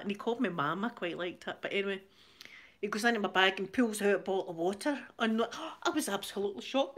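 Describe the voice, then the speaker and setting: A woman's voice: mid-range voice, animated, quick pace, a bit bright. A Scottish woman hosting her channel, telling a rambling story in casual chat, laughing often and repeating words as she goes. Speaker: channel host.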